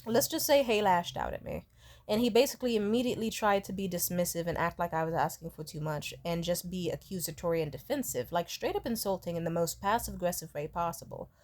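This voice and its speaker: A woman's voice: fairly low pitch, fast talker, a little mellow. A young woman in her twenties telling a rambling, candid storytime vlog, swearing freely and slipping into quoted voices. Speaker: vlogger.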